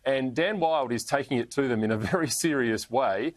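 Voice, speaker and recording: Australian man, interview guest, chatty, chuckles, average pitch, dry close sound. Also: normal speed, dry recording. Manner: chatty, chuckles through stories, trails off with fillers. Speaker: politician guest. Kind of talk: casual interview talk.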